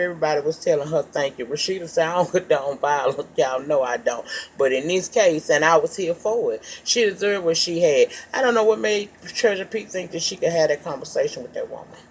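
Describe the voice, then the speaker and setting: A woman with a lowish voice briskly recaps a reality show episode, gossiping casually, swearing freely and calling listeners child and baby. Her storytelling is profane and animated, with slight background noise.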